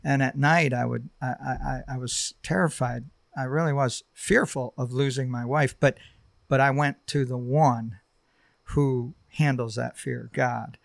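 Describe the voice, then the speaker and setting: A middle-aged man sharing a personal testimony on a podcast, halting and heartfelt, with many fillers. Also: mid-range voice, steady tone, gravelly, no echo. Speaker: podcast guest.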